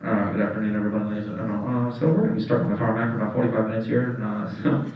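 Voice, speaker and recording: A man's voice: on the low side, steady tone, rapid-fire, highs cut off, voice pushed down, lightly acted. A man voicing a bland male airline pilot making a matter-of-fact intercom announcement. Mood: deadpan announcing. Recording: echoey room from far off, audience.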